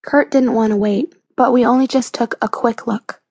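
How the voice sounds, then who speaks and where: A woman reading an audiobook, voicing a thoughtful, patient boy in a mild, measured way. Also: fairly high pitch, steady tone, a little mellow, breathy edge, no echo. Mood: calm.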